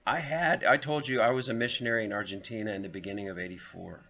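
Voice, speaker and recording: A man's voice: lowish voice, fairly even intonation, quick pace, bright, forceful tone. A man, reading an article aloud and drifting into rambling personal stories, chuckling often. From Southern United States. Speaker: video host. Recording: dull lo-fi recording.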